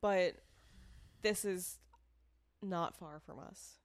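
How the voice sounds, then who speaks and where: A woman's voice: fairly low pitch, very slow, no room sound. Indignant woman on a true-crime podcast. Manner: frank and indignant, swears, laughs often. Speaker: podcast co-host. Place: not from the area where the show is made.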